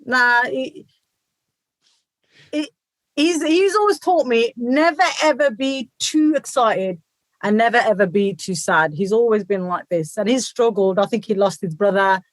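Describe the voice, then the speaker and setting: A British woman in her forties chatting as an interview guest, energetic and animated, acting out quoted voices. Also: fairly high pitch, a little slow, no echo. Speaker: guest, dhol player and group founder. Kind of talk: casual interview chat.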